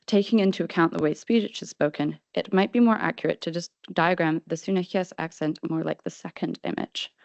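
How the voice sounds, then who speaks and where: A woman presenting a paper at an academic conference, reading formal prose in a measured way. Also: lowish voice, steady tone, creaky, a little mellow, no room sound. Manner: formal, measured delivery with brief slide-control asides. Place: conference hall. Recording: dull, slightly lo-fi sound.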